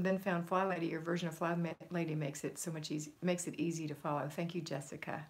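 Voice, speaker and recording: A woman's voice: sits low, little pitch movement, fast. A middle-aged woman hosting a homemaking livestream, reading viewer comments aloud and answering them with encouragement.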